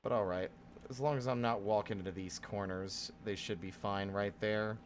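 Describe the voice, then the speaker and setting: A man's voice: lowish voice, steady tone, normal speed, a little hiss or hum. A man casually chatting with his live-stream audience while playing a game, wry and rambling. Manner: wry, rambling, talks to chat.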